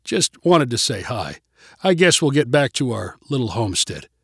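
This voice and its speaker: A man's voice: medium pitch, very animated, moderate pace, gravelly, slightly rough, dry recording, clean studio sound, exaggerated voice. A man voicing a friendly, chatty middle-aged male neighbor in a storybook reading. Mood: polite.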